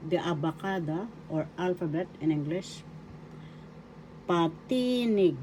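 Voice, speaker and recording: A Filipino woman with a mellow, somewhat low voice teaches a language lesson at an unhurried pace. She repeats words carefully for pronunciation practice. A faint hiss of noise sits under the recording. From Philippines. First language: Tagalog. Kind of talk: slow spoken language lesson.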